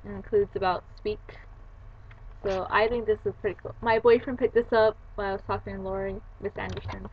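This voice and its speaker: A woman's voice: mid-range voice, steady tone, a little fast, slightly rough, dull audio. A young woman vlogging casually about books, retelling her day in a chatty way with quoted voices. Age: young adult. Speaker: book vlogger. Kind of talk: casual chat.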